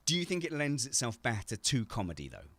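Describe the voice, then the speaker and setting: A man's voice: mid-range voice, huge pitch swings, brisk, a bit bright, no room sound. A man hosting a casual video-call chat from home, joking and teasing, with frequent stumbles and restarts. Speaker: host.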